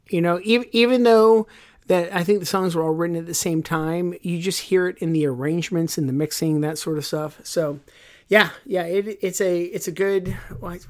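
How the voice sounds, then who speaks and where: A man co-hosting a podcast from a room at home, chatting casually and enthusiastically, rambling and correcting himself as he goes. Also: fairly high pitch. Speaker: podcast co-host. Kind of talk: casual chat. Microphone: headphones with mic at home.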